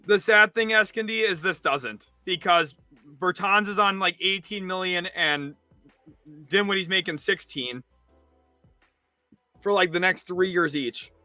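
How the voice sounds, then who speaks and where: A young man hosting a sports livestream, reacting in an exasperated rant that swings between loud outbursts and low mutters. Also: measured pace, long pauses, no room sound, faint music behind. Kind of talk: live reaction commentary.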